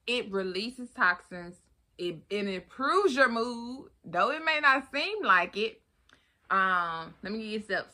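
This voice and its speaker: A woman hosting her own podcast in a casual solo chat, animated and expressive, calling listeners honey and baby. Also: mid-range voice. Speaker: podcast host.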